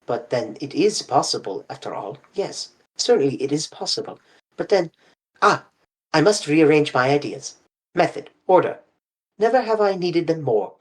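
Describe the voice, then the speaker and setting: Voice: mid-range voice, lively intonation, moderate pace, lightly acted. A reader doing the voice of a fussy, intense older male detective in an audiobook, talking in a precise, probing way. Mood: muttering. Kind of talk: audiobook character reading.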